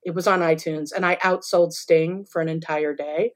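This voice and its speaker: A woman's voice: fairly low pitch, steady tone, normal speed. A woman, a stage actress, telling stories in a casual interview with easy laughter. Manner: chatty, laughing storyteller.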